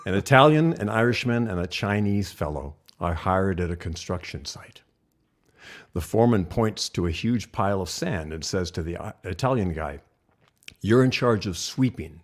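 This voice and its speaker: Co-host, male, lower register, relaxed joke-teller who chuckles often. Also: moderate pace. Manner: laid-back, chuckling storyteller. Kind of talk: casual joke-telling chat.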